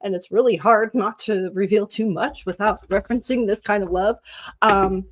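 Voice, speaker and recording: A woman's voice: medium pitch, steady tone, moderate pace. Woman doing psychic card readings on a stream, casual and sympathetic, calls ppl honey, reads out card keywords. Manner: reads card meanings aloud in lists. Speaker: psychic reader and channel host.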